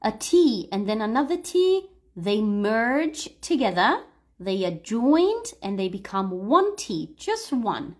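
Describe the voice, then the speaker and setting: A woman's voice: medium pitch, very animated, measured pace. A woman teaching English pronunciation on a livestream, patiently explaining and modelling words for learners to repeat. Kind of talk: livestream read-aloud lesson.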